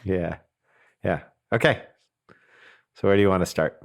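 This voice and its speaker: A man's voice: sits low, measured pace, creaky. A man hosting a podcast, talking earnestly and reflectively, thinking aloud with restarts. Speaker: podcast host. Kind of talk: conversational podcast talk.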